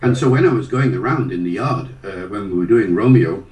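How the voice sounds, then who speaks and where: A man's voice: on the low side, fairly quick, a little mellow. An older man giving an interview, telling anecdotes with frequent hesitations and fillers. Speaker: guest, linguist. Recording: roomy sound from a distant mic.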